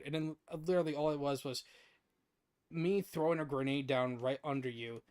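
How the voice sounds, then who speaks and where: A young man streaming a game, telling a rambling, excitable story with lots of swearing in casual chat. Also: fairly high pitch, fairly quick, clear, resonant tone.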